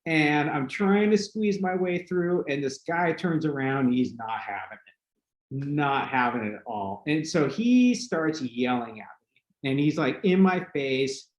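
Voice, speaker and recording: A man hosting a podcast, telling a long story in a casual, animated way with lots of fillers and laughter. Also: a little high, measured pace. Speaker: podcast host. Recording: roomy echo with faint noise.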